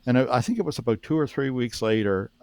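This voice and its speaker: A man from Canada, a former police officer and paranormal researcher, telling a story as a podcast guest, with frequent restarts and lively retelling of what others said. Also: medium pitch, fast, gravelly, no room sound. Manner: animated storyteller who acts out quoted speech, with frequent restarts.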